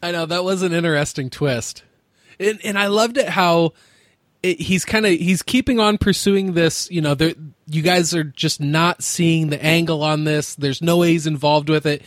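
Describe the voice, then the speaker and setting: A man's voice: on the high side, normal speed, no room sound, clean studio sound. A man hosting a podcast, chatting casually, joking and laughing often like a gushing fan. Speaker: podcast host.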